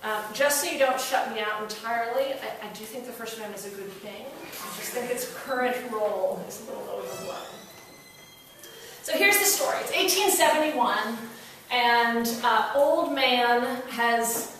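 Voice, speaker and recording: A woman's voice: on the high side, expressive, moderate pace. A woman law professor giving a public lecture, telling a story in a conversational, wry way, with fillers and restarts. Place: lecture hall. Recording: very echoey room, voice heard from a distance, faint noise.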